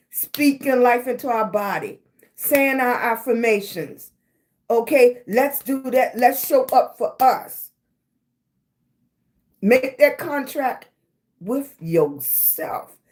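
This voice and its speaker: A middle-aged woman hosts a motivational livestream. She talks slowly and pushes each affirmation again and again, calling her viewers baby. Her voice sits a little high. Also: darkish tone. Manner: emphatic, repetitive affirmations, calls viewers baby. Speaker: livestream host.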